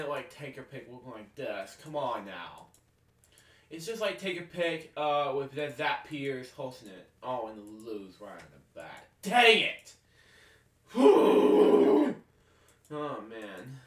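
A man's voice: medium pitch, fairly bright tone, distant mic. A man giving casual gameplay commentary at home at night, muttering with exasperated groans and keeping his voice down so others can sleep. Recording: echoey room, voice off-mic.

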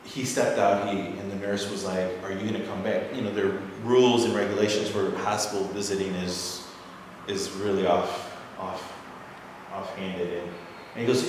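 A man with a low voice tells a personal story from the audience. He rambles and restarts, and he grows lively when quoting people. He sounds far from the mic in a long-reverb hall with clear room noise. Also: moderate pace. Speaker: audience member sharing a story. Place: assembly hall.

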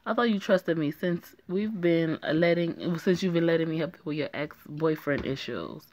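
A woman voicing a protective male bodyguard from a story game, reading his lines measured and reassuring. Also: low-pitched, a little mellow, lightly acted. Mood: calm.

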